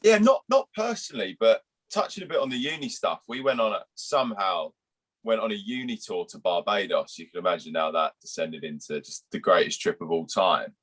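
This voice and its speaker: A man's voice: low voice, expressive, a little fast, fairly bright tone, breathy edge, poor audio. A young man from England, a guest cricketer, telling rambling anecdotes with restarts and some swearing. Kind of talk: casual storytelling.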